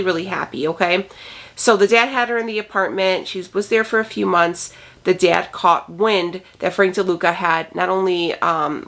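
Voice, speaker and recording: Chatty gravelly woman telling true crime. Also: fairly low pitch, fairly bright tone. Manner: chatty, acts out quotes in quick bursts. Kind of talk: casual storytelling.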